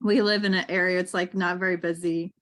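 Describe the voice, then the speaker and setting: A woman's voice: on the low side, level tone, fairly quick, fairly bright tone. A woman hosting a casual conversation, chatting loosely with many fillers. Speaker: podcast host. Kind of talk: casual chat.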